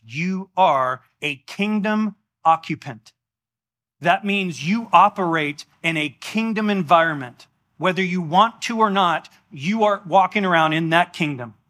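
Animated man preaching a sermon. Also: on the high side. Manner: animated, exclamatory, conversational. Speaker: pastor. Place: church.

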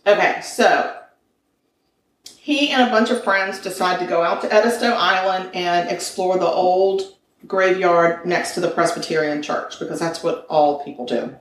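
A woman's voice: on the low side, normal speed, far from the mic, slight background noise. A woman casually retelling a ghost story to a friend, voicing the frightened man's thoughts. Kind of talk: casual chat. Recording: echoey room, away from the mic.

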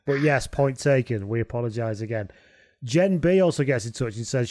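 A man's voice: medium pitch, normal speed, darkish tone, no echo. A man co-hosting a sweary podcast, reading listener messages with a sarcastic edge. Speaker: podcast co-host. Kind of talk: casual sweary podcast chat.

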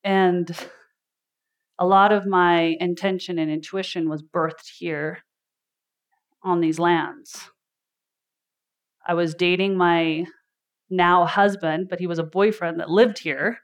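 Lady coach talking to a room at a live event, chatty storyteller, laughs a lot. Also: fairly low pitch. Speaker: life coach. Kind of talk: motivational talk at a live event.

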